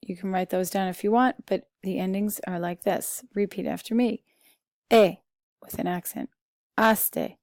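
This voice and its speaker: A woman teaching a Spanish grammar lesson, slowly and patiently reading out vocabulary with translations and a few fillers. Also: medium pitch, steady tone, warm tone, no room sound, clean studio sound. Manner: slow, patient, talks through vocabulary lists with fillers. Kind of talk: recorded classroom lesson.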